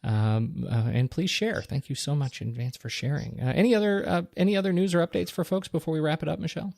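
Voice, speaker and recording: A man co-hosting a podcast, giving supportive replies and briskly wrapping up the show. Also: a little high, vocal fry, a little mellow, no echo, clean studio sound. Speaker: podcast co-host. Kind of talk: casual podcast chat and show outro.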